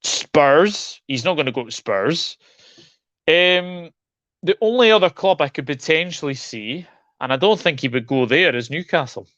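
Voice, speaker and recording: A man's voice: fairly high pitch, lively intonation, measured pace, fairly bright tone, no echo, muffled recording. A man hosting a live football stream, ranting with frustration and often repeating himself and restarting sentences. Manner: frustrated, repetitive, stumbling restarts. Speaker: football channel host.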